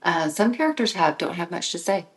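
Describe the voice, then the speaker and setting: A woman hosting her own podcast, talking in a reflective solo monologue, musing and sometimes dropping into a soft whisper, with frequent restarts when she gets excited. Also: on the low side, a little fast, low-quality recording. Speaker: podcast host and author.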